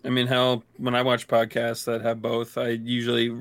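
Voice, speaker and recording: A man's voice: medium pitch, completely flat delivery, normal speed, no room sound. A man co-hosting a podcast, chatting casually with a sarcastic, swearing manner. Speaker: podcast co-host. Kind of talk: casual chat.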